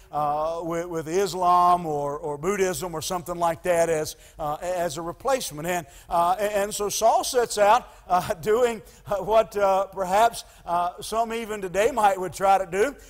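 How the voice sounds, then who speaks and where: A pastor preaching in a high voice, halting often on 'uh' and restarting his phrases. His sermon rings with the long reverb of a church hall. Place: church sanctuary.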